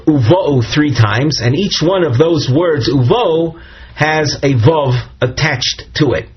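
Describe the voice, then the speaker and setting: A man's voice: mid-range voice, husky. A man teaching a Talmud lesson, reading the Aramaic text aloud and explaining it step by step in English. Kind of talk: Daf Yomi Talmud lesson. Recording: dull lo-fi recording.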